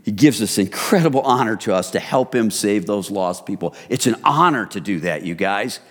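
A middle-aged man preaching a sermon as pastor, in a relaxed, conversational way that speaks to listeners as "you guys". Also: on the low side, moderate pace. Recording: reverberant hall.

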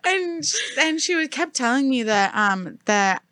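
A woman's voice: sits high, sing-song, a little slow, bright, forceful tone, no room sound. A young woman in casual podcast chat, blunt and swearing freely, laughing often.

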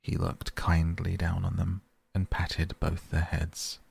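Gravelly guy reading a storybook out loud, measured. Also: low voice, completely flat delivery. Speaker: audiobook narrator. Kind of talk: storybook narration.

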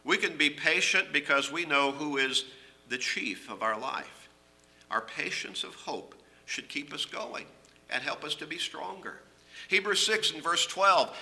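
A middle-aged man preaching a sermon, earnest and emphatic, rising on key phrases and dropping low at the ends. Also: expressive, measured pace, bright, forceful tone.

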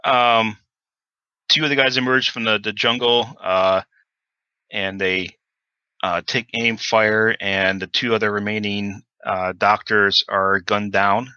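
A man's voice: on the low side, steady tone, slow pace, bright, forceful tone, clear, resonant tone, dry recording, highs cut off. A man running a tabletop horror game as game master, talking with many fillers and restarts.

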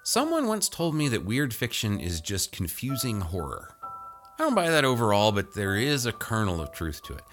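A male podcast host introducing short stories, chatty and informal. His voice is deep but swings around a lot. Music plays clearly behind him. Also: wildly swooping pitch, moderate pace, a bit bright. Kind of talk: casual story introduction.

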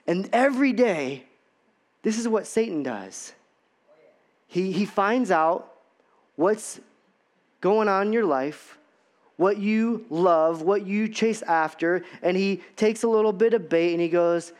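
A man's voice: sits high, unhurried. A man preaching a sermon in a church, talking conversationally with many repetitions and rhetorical questions. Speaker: pastor.

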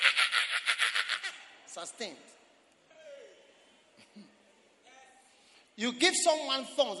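A man preaching a sermon as pastor, quoting scripture and breaking into dramatic shouts. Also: high-pitched. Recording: long hall reverb.

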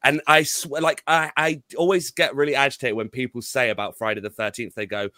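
A man's voice: mid-range voice, fairly even intonation, fairly quick, pushed and bright, no echo. A man on a podcast, rambling and exasperated about a film, swearing often and restarting his sentences. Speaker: podcast co-host. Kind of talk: casual film review chat.

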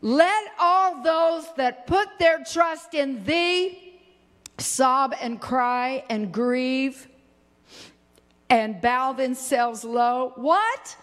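An older woman with a high voice delivers a homey, animated sermon at an unhurried pace. She bursts into sudden high exclamations between stretches of easy talk. The sound carries a long reverb, like a big hall. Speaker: preacher.

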